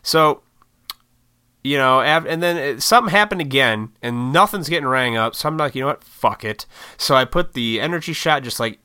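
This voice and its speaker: Guy ranting about his morning, cusses a lot, bright clean voice, no room sound. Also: on the high side, animated, moderate pace, clear, resonant tone, no echo, clean studio sound. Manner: rambling, profane, self-deprecating. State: short on sleep. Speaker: vlogger. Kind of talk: casual storytelling monologue.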